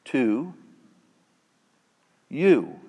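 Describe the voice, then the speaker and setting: A man preaching a sermon in a casual, conversational way, swinging between hushed, intimate passages and loud, emphatic declarations. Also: mid-range voice, big pitch swings, drawn-out words, vocal fry, husky, long reverb tail. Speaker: pastor.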